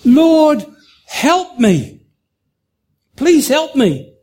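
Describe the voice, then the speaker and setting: A man's voice: animated, unhurried, darkish tone. A man voicing a frightened man dangling from a cliff, calling out in panicky, pleading cries. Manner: pleading, panicky high calls.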